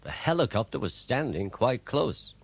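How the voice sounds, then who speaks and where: A man narrating a children's storybook in an animated way. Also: medium pitch, normal speed, gravelly, breathy edge. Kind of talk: storybook reading.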